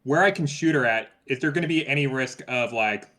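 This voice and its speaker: A man's voice: medium pitch, a little fast, pushed and bright. A man playing a tabletop game, asking careful questions with fillers. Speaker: player. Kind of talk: casual tabletop play.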